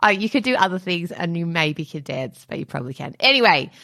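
A woman hosts a casual interview, chatty and quick to laugh. Her pitch swings widely, and her voice sounds dry and close, with no room echo. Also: sing-song, vocal fry, sharp tone. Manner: chatty, enthusiastic, laughs easily. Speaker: podcast host.

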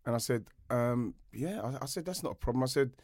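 A man's voice: mid-range voice, animated, a little fast, a little mellow, no echo. A middle-aged man tells a story on a podcast, circling back and restarting his sentences as he goes. His voice sits in an ordinary middle register. The sound is dry and close, with no room around it. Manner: rambling, with frequent restarts and laughter. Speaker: podcast co-host, former footballer. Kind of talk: storytelling in casual chat.

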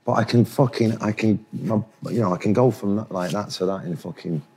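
A man's voice: on the low side, normal speed, dark tone, slightly rough. A Manchester man in his forties, a musician telling laddish, sweary anecdotes in a casual interview, laughing often. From England. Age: 40s.

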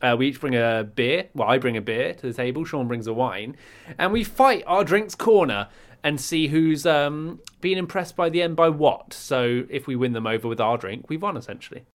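A man's voice: mid-range voice, moderate pace. A man hosting a podcast, teasing and mock-insulting his co-host in casual banter.

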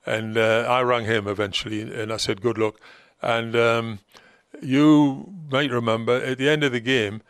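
A man's voice: medium pitch, fairly even intonation, moderate pace, fairly bright tone, clear, resonant tone, no room sound, clean studio sound. An older man with a Geordie accent, a former football manager telling long rambling stories as a guest, with many ums and restarts. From North East England. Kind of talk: relaxed anecdotal storytelling.

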